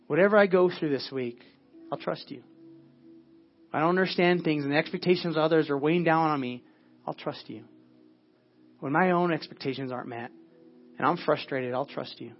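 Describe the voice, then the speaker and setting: Guy preaching a sermon, earnest, goes quiet and prayerful a lot, muffled lo-fi audio. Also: fairly high pitch, fairly quick, pauses often, soft background music. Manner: earnest, often dropping to a hushed, prayerful tone. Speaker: pastor. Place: church service.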